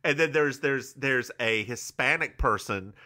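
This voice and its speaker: A man's voice: mid-range voice, measured pace, sharp tone. A man co-hosting a podcast, recapping a TV episode in casual chat and playfully acting out the characters in voices. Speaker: podcast co-host.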